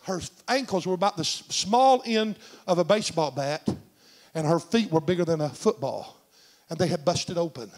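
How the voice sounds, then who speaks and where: A middle-aged man preaching a sermon in a church, telling a story and swinging from shouts to hushed tones. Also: high-pitched. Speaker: senior pastor. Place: church sanctuary.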